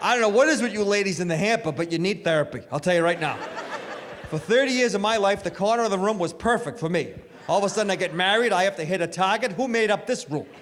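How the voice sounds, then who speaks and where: Animated high-voiced male stand-up comic. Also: fast. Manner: animated, self-mocking storytelling. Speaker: stand-up comedian. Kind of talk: stand-up comedy set. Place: live comedy venue. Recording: live stage with hall reverb, faint noise.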